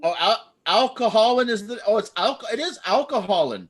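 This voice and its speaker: Excitable guy hosting improv on a video call, high voice that jumps all over, rambles a bit. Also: a little fast. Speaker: improv host. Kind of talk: live improv show hosting.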